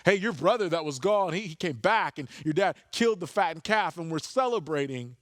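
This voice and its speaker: A man voicing a helpful household servant who quickly explains the news. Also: a little high, lively intonation, a bit bright, no echo, clean studio sound. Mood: eager.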